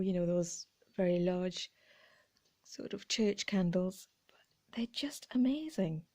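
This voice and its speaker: Brief: woman, mid-pitched, chatty vlog host with soft whispered asides. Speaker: vlogger showing thrift finds. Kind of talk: casual chat.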